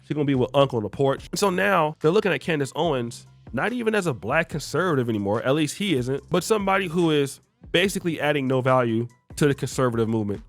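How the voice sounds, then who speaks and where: A man narrating a commentary video, explaining the events in a lively manner. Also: a little high, fast, no echo, faint music behind.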